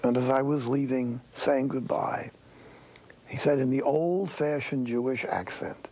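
A man's voice: medium pitch, unhurried, darkish tone, slightly rough, poor audio. An older man, a priest, giving a sermon-like talk with folksy, wry storytelling.

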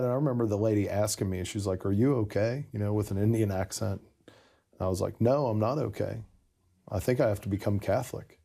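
A man telling the story of his conversion in a casual conversation, animated and laughing often. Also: fairly low pitch, vocal fry, breathy edge.

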